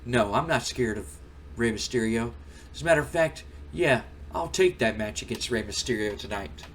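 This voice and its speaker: A man's voice: medium pitch, expressive, normal speed, a bit bright, a little hiss or hum. A man voicing an arrogant male wrestler who complains indignantly. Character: arrogant male wrestler, whining, self-important.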